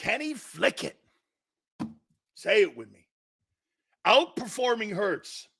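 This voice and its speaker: A man hosting a sports talk show, shouting, taunting and laughing in a wildly excitable, mocking way. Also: high voice, takes it slowly, creaky, breathy edge.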